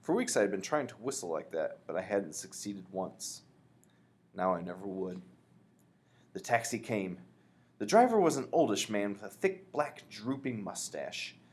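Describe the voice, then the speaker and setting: Brief: lively male storyteller, lower voice, animated reading. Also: normal speed. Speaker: reader. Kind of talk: reading a children's book aloud.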